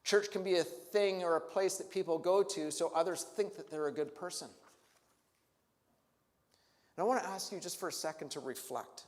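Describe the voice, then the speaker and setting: A man's voice: high voice, normal speed, pauses often, big-room sound. A male pastor preaching a sermon, asking the congregation reflective questions and rising to emphatic peaks. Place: church sanctuary.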